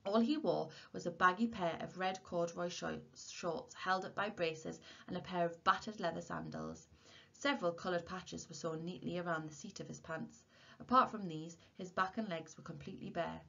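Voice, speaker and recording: A woman teacher reading a novel aloud to her class in a steady, expressive way. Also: fairly low pitch, moderate pace, creaky. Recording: dull lo-fi recording.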